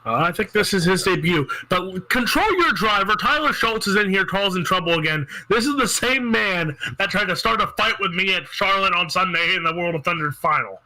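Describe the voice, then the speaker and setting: A man's voice: sits high, brisk, hardly any pauses, sharp tone, low-quality recording. A man calling a sim racing broadcast with joking, teasing banter between calls. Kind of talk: play-by-play commentary.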